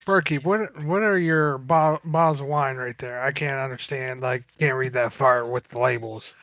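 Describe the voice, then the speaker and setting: A man playing a Dragonborn character in a tabletop game, speaking low-key and a bit gruff. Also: fairly even intonation, moderate pace, fairly bright tone, no echo. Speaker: player. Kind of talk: tabletop role-play.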